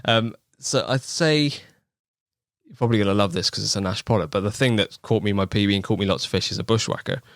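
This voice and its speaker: West country guy on a podcast, lowish voice, laid back, dry close mic. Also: fast talker, no echo. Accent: West Country English. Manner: easygoing, thoughtful, laughs often. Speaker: podcast guest, angling video maker. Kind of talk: casual podcast chat.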